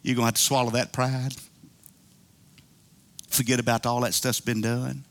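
A man's voice: mid-range voice, level tone, moderate pace. A man preaching a sermon in a church, folksy and colloquial, calling out to the congregation and acting out little prayers. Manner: preaching with call-and-response and playful asides, acting out prayers. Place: church sanctuary.

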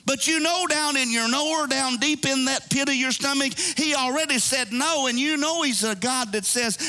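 Male pastor preaching, high bright voice, swoops up and down a lot. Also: normal speed. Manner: animated preaching, voicing characters and asides. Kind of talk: sermon.

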